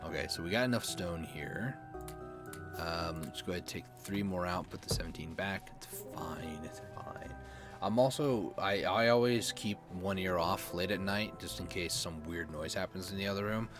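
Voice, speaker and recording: Low-voiced man with a sore throat. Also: moderate pace, over music. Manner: rambling, self-deprecating, quiet late-night talk. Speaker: gaming streamer. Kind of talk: casual late-night gameplay commentary.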